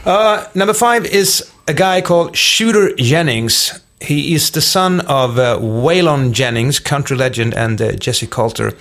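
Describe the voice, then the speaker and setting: A middle-aged man with a Swedish accent talks as an interview guest at a medium pitch. His speech is loose and rambling, full of fillers and restarts. The tone is casual, like telling stories among friends. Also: measured pace, hardly any pauses, a bit bright. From Sweden. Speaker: rock musician guest.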